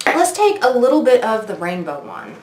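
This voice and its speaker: A woman's voice: a little high, very animated, moderate pace, echoey room, background noise. A woman in her forties doing a makeup review vlog, gushing and oohing as she tries products at her mirror. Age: 40s. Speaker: beauty vlogger.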